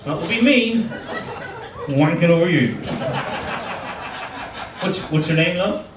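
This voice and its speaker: A Northern Irish man with a fairly high, animated voice talks slowly through crude stand-up, teasing the audience. The recording comes from a roomy comedy club with a distant mic, background noise and a laughing crowd.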